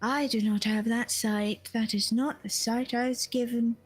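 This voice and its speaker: A woman's voice: a little high, fairly even intonation, unhurried. A woman voicing a cryptic floating girl seer. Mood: solemn. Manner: soft, formal and cryptic. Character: eerie floating young female seer.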